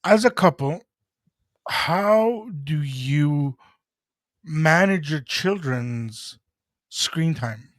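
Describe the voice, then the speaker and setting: A woman hosting an interview, asking slow, drawn-out questions. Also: sits low, lively intonation, no echo. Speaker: host. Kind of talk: interviewing a guest.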